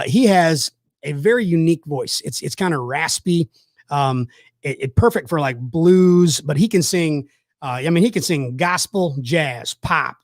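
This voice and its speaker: A man's voice: a little high, no room sound, clean studio sound. A man hosting a casual chat, telling rambling, enthusiastic stories with lots of fillers. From South Georgia, USA. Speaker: host.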